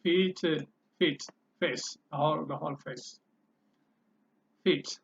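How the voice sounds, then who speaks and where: A man teaching a language lesson, repeating each word several times and pausing to think with fillers. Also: on the high side, fairly even intonation, vocal fry, slightly rough. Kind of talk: slow spoken language lesson. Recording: slightly dull, lo-fi sound.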